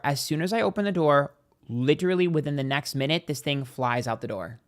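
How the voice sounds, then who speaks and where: A man's voice: on the high side, expressive, fast. A man in casual vlog chat, telling a story with lots of "like" and acted-out reactions. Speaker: tarot reader and YouTuber.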